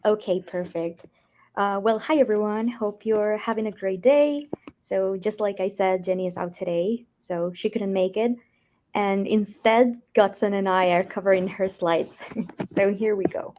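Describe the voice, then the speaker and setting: Friendly woman co-presenter with a mellow voice, reading through weekly updates. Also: mid-range voice, measured pace. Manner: friendly, laughs between lines. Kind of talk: casual community call update.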